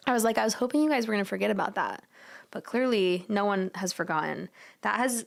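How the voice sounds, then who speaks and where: A woman's voice: mid-range voice, gravelly, a bit bright. Chatty young woman on a home livestream. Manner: chatty, giggly, slangy, coos at her cat. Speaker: livestream host. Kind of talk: casual livestream chat.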